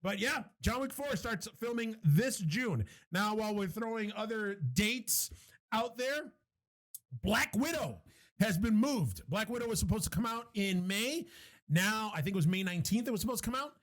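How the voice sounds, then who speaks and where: A man co-hosting a podcast in casual chat, animated, laughing often and swearing casually. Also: sits high, moderate pace. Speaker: podcast co-host.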